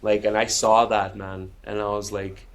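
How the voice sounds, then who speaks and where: On a podcast, a male guest who is a musician and speaker tells his story candidly, heartfelt and casual, constantly calling the host "bro" and "man." His voice sits on the low side, with a flat delivery, moderate pace and a creaky quality.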